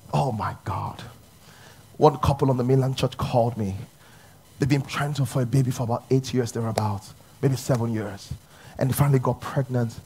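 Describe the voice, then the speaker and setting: A man preaching a sermon, shifting from loud exclamations to hushed, intimate speech. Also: mid-range voice, slightly rough. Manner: dramatic swings between shouting and hushed speech. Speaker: pastor.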